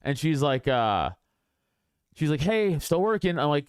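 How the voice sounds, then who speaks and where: Smooth-voiced man telling a story. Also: fairly high pitch, a little slow, dry recording, clean studio sound. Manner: animated storytelling, acts out quoted voices, laughs often. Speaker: podcast co-host. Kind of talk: casual chat.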